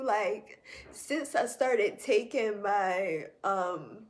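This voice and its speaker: A woman's voice: mid-range voice, fairly bright tone. A young woman talking in a personal video journal, reflective and heartfelt, chatting casually to her viewers with many fillers. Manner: slow, reflective and heartfelt, addresses viewers as y'all.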